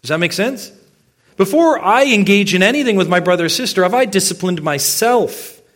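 A man's voice: high voice, lively intonation, a little fast, a bit bright. A male pastor preaching a sermon. He speaks emphatically, poses many rhetorical questions and addresses his congregation directly.

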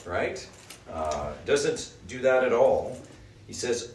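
A man's voice: lowish voice, animated, moderate pace. A man leading a Bible study group, teaching and often checking in with the group by asking "right?". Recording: echoey room, mic at a distance, faint noise.

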